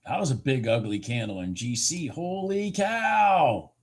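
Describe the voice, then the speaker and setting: Husky man muttering at his charts. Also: medium pitch, expressive, a little fast. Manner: urges the market on with repeated pleas. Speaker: futures trader streaming live. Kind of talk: live trading commentary.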